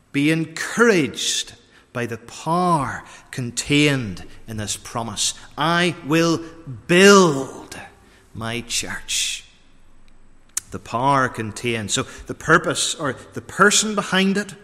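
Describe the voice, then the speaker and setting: A man preaching a sermon, deliberate and repeating key phrases for emphasis, recorded in a church. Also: on the high side, pushed and bright. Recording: long reverb of a large church.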